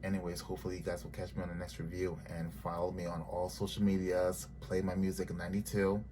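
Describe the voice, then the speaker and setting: A man's voice: low voice, monotone, quick pace, background noise. A man giving a casual, blunt and sassy recap of a reality TV episode, cursing freely. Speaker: TV show reviewer.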